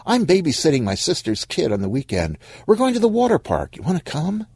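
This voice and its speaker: A man's voice: a little high, wildly swooping pitch, fairly quick, creaky, darkish tone, slightly rough, dry recording, pitched above the performer's own voice, full character voice. Man doing a breezy, dismissive businesswoman. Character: breezy, dismissive woman venture capitalist.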